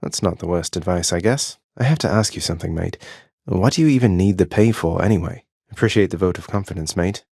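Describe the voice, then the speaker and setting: Brief: a young underworld prince for a game, earnest and wryly teasing, very low voice, bone-dry studio sound. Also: male voice, brisk, creaky, darkish tone, husky, no echo, full character voice. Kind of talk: video game voice acting. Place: studio booth.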